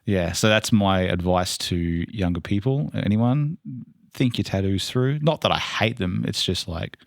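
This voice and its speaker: Aussie bloke cohosting a podcast, deep voice, rambles on with lots of um and like. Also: male voice, unhurried, vocal fry, no echo, clean studio sound. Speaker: podcast co-host. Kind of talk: casual chat.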